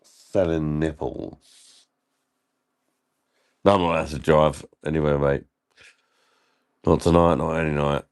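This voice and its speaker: A man's voice: extremely low pitch, flat delivery, moderate pace, long pauses, clean tone. A man drinking and joking through a casual livestream, reading comments aloud and laughing often. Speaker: livestream host.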